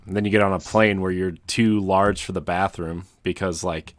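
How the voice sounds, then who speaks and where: A man co-hosting a podcast in casual chat with dry, low-key humor. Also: steady tone, moderate pace, dry recording. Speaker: podcast co-host.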